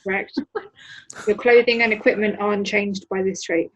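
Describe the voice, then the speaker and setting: A woman's voice: mid-range voice, fairly even intonation, moderate pace. A woman playing a tabletop roleplaying game, giggly and playful, often apologising. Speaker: player.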